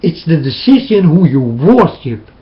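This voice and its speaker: Brief: high-pitched man, slow and intense, preaching warnings at a webcam. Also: big pitch swings, lo-fi sound. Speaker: self-styled preacher. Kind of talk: webcam sermon.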